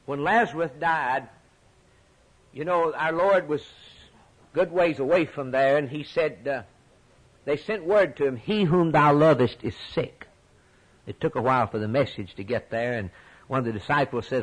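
A man preaching a sermon with passion, dropping low and quiet, then rising high and loud on key points, often repeating words. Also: moderate pace, breathy edge, rough recording. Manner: repeats words when stirred.

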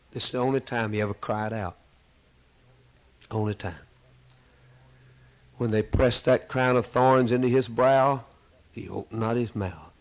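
Slow dramatic preacher man. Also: medium pitch, rough recording. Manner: slow, dramatic preaching with sudden loud rises and hushed drops. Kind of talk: sermon.

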